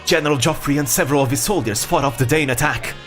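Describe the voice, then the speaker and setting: A man's voice: a little high, fast, a bit bright, faint music behind, natural voice. A man voicing an overly emotional young male knight who gushes with loyalty, in a video game playthrough. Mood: devoted. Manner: theatrical, gushing, dramatic sobbing delivery.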